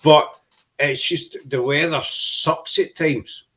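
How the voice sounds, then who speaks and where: A man's voice: fairly high pitch, fairly even intonation, takes it slowly, a bit bright, poor audio. A middle-aged man with a Glaswegian Scottish accent, hosting a casual chat and telling rambling stories full of restarts and local slang. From Scotland. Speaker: podcast host.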